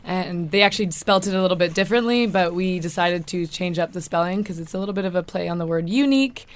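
A woman's voice: on the low side, fast. A woman, a restaurant guest on a radio show, politely describing her food. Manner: polite, friendly, explanatory. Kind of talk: radio interview.

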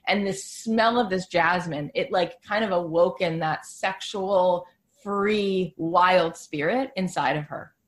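A woman's voice: lowish voice, slow pace. A woman podcast host telling a story in a casual, chatty way, full of "like" fillers.

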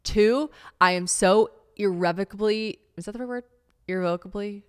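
A woman's voice: medium pitch, normal speed, clear, resonant tone. A woman in her late twenties hosting a casual solo podcast, chatty and self-mocking, swearing freely as she talks. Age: late 20s. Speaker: podcast host.

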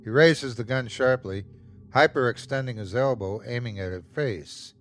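A man hosting and narrating a horror story in the first person with a slow, tense delivery. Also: medium pitch, soft background music. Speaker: host and narrator.

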